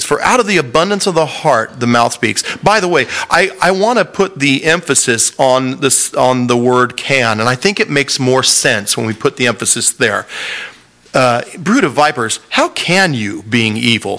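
A man preaching a sermon, reading scripture aloud and explaining it in an earnest, animated way. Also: mid-range voice. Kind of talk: sermon-style Bible teaching.

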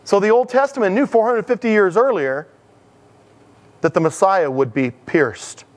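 A man's voice: sits high, lively intonation, moderate pace. A man preaching a conversational sermon in a chatty manner, acting out dialogues as he teaches. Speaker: pastor.

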